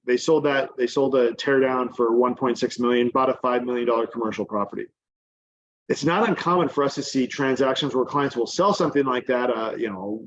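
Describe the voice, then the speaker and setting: A man of middle pitch walks his audience through a casual teaching presentation as a guest speaker. His delivery is chatty and loose, peppered with fillers. The audio is dull and lo-fi, like a video call mic. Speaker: guest presenter on real estate exchanges.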